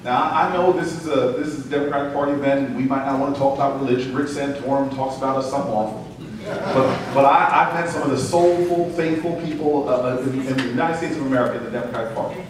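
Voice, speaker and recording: A man in his forties giving a humorous storytelling speech from a podium at a political event, building to loud climaxes. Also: mid-range voice, quick pace, a crowd in the background. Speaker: political speaker. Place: large event hall. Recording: echoey hall taped from far off.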